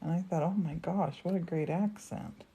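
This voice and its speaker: A middle-aged woman with an American accent, chatting warmly and laughing often while co-hosting a live crafting stream. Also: on the low side, moderate pace, vocal fry, breathy edge, dull audio. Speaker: co-host of a live glassmaking stream. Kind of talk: casual chat.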